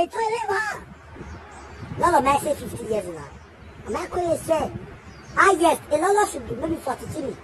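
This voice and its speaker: A woman's voice: sits high, fairly bright tone, a little hiss or hum. A Nigerian woman giving an emphatic, scolding spoken message, firing off repeated questions. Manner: scolding, defending a friend. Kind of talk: casual spoken message to the camera.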